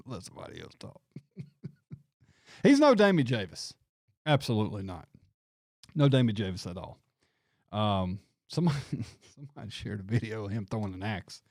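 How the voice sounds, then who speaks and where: A man's voice: fairly low pitch, sing-song, moderate pace, pauses often, darkish tone, no echo, studio quality. A man hosting a show, chatting casually and rambling with lots of restarts. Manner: rambling, frequent restarts and laughs. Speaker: show host. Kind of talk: casual livestream chat.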